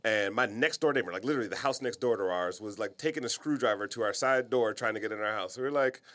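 A man's voice: mid-range voice, a bit bright. A man from Detroit who hosts a podcast, chatting in an easygoing way and laughing along with his guest. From Detroit, USA. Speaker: podcast host. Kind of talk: conversational interview.

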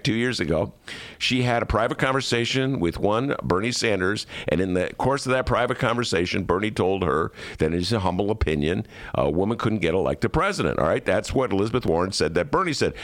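A man hosting a casual political talk show from a studio, animated and joking, sometimes mimicking politicians. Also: on the low side. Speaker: podcast host.

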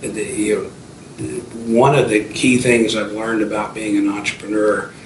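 A man's voice: fairly low pitch, little pitch movement, normal speed. Fifties guy rambling through stories, lots of restarts, echoey room, mic kinda far. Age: 50s. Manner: storytelling, frequent restarts and fillers. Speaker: entrepreneur guest. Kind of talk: casual interview talk. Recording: roomy and distant with faint noise.

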